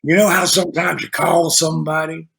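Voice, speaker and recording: A man doing a gruff, cursing old wrestler on the phone. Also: a little high, level tone, brisk, sharp tone, heavily acted. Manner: profane, blunt, clipped. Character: gruff older male wrestler calling on the phone.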